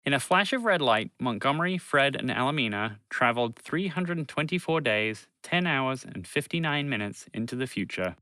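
A man narrating a children's story in an expressive, warm reading voice. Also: medium pitch, moderate pace, few pauses, dry recording.

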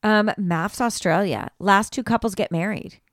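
A woman at a mid-range pitch talks bluntly and emphatically, tossing in swear words as she recaps a reality show with a friend. Her voice is recorded close and dry, with no room sound around it. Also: moderate pace, no echo. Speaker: podcast co-host.

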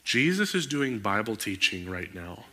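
A man preaching a sermon, animated and moving into emphatic outbursts. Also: lowish voice, moderate pace. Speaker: pastor.

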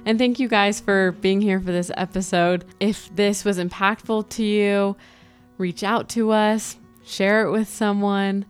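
A woman's voice: medium pitch, little pitch movement, unhurried, smooth, faint music behind. A woman co-hosting a podcast, giving short affirmations and wrapping up the episode. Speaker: podcast co-host. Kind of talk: casual podcast chat.

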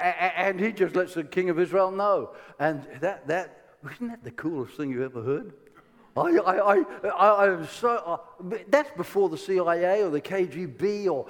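Irish preacher telling stories in a reverberant hall. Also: male voice, high voice. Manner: lively storytelling, stumbling restarts, laughing asides. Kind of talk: sermon.

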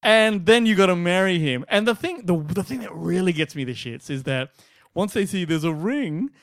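A man's voice: high-pitched, fairly quick, dry recording, studio quality. A man co-hosting a podcast, ranting in casual chat and swearing freely. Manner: animated, swearing, acts out quotes in mocking voices. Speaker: podcast co-host.

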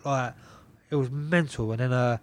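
A young man, a boxer on a podcast, telling a story in casual chat. He swears in nearly every sentence, repeats himself and keeps the telling lively. His voice sits at an ordinary middle pitch for a man. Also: normal speed. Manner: swears constantly, animated, repeats himself, laughs a lot. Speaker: podcast guest, pro boxer.

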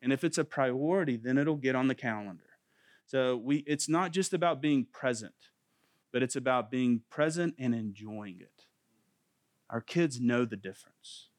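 A man's voice: mid-range voice, dry recording, studio quality. A man in his thirties giving an earnest, faith-based parenting talk, repeating phrases for emphasis. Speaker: parenting class teacher.

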